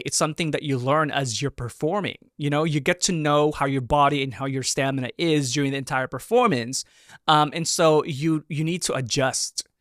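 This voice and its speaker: A lively man in his thirties talks through a dance performance in a casual, animated way and keeps breaking into excited exclamations. His voice sits a little on the high side. The sound is close and dry, with no room around it. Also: no room sound. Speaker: reaction video host, performer. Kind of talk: casual reaction commentary.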